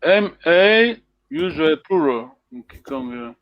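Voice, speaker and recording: A man's voice: on the high side, sing-song, slow, dry recording. A man teaching a language lesson over a video call, patient and encouraging, laughing often. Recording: dull lo-fi video call audio.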